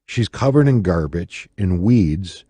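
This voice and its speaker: Low, warm-voiced radio man telling a story. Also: slow pace, breathy edge, no room sound. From Michigan. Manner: dramatic, animated storytelling that acts out quoted voices. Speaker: radio personality, guest. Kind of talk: interview storytelling. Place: radio studio.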